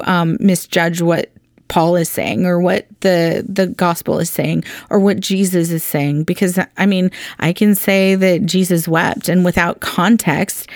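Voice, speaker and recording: A woman's voice: lowish voice, dry recording, studio quality. A woman hosting a Bible teaching podcast, talking in a chatty, earnest way with lots of ums and restarts.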